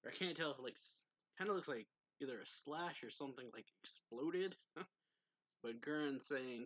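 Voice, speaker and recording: A man casually recapping a manga chapter as a reviewer, rambling with many fillers and quick laughs. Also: mid-range voice, expressive, fairly bright tone, no echo. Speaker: anime reviewer.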